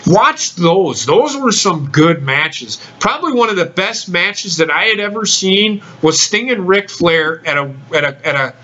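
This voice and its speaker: A man's voice: high-pitched, animated, unhurried, hardly any pauses, pushed and bright, dull audio. A man hosting a casual podcast chat, talking bluntly and swearing freely. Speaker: podcast host.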